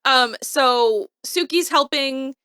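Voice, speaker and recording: Bright-voiced woman recapping a TV episode. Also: high voice, takes it slowly, smooth, no echo, clean studio sound. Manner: animated retelling, acting out quotes in varied voices. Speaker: podcast co-host recapping a TV episode. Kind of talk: casual chat.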